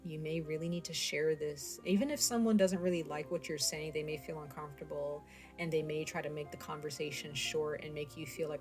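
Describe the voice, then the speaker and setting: A woman's voice: low-pitched, fairly even intonation, brisk, over music. A woman giving a casual tarot reading, talking straight to her viewers with lots of fillers. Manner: chatty, speaks straight to viewers with many fillers. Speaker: tarot reader.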